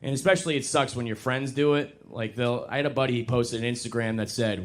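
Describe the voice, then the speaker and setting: A young man performing stand-up comedy on a club stage, talking casually and poking fun at himself, now and then jumping into high mocking voices. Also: quick pace, few pauses. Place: comedy club stage before a live audience.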